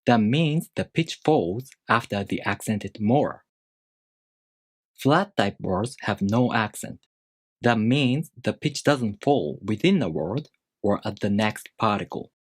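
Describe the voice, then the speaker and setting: A man teaching a language lesson, explaining rules step by step in a measured, scripted way. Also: fairly low pitch, lively intonation, slightly rough, dry recording.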